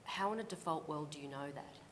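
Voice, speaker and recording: Low-voiced Australian woman questioning sharply. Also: fast talker, a little hiss or hum. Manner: probing, skeptical, interrupts. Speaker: commissioner. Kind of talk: questioning at a public hearing.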